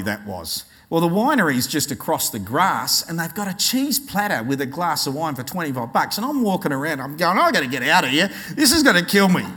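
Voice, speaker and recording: A man preaching a sermon in an easy conversational way, slowing down to stress key words from scripture. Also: medium pitch, a bit bright.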